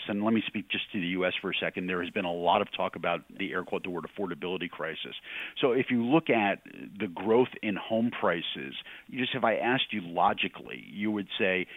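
A man with a very low voice explains housing markets patiently, repeating and stressing the words that matter. He comes through a thin, phone-like line. The sound is dry and close. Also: no room sound. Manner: measured, explanatory, emphatic qualifiers. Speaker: real estate research executive, guest. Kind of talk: interview answers.

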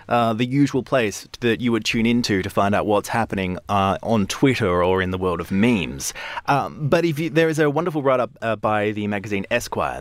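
A man speaking as a guest on a radio panel, explaining in an animated way with frequent restarts, on a studio microphone. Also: lowish voice, dry recording.

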